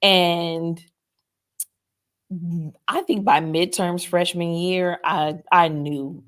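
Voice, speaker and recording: A woman's voice: fairly low pitch, fairly even intonation, slow pace, fairly bright tone. A woman guest on a podcast, candidly telling her own story in a reflective, hesitant way with many fillers and restarts.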